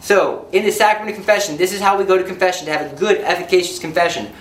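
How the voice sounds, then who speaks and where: A male preacher giving a sermon in an animated, joking manner, acting out little scenes as he teaches. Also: high voice, rapid-fire, reverberant, poor audio.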